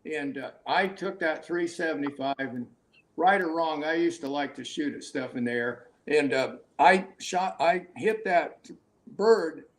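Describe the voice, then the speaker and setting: High-voiced older man telling hunting stories. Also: a little slow. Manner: rambling, laughs often, many restarts. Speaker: hunting guide, guest. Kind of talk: casual storytelling interview.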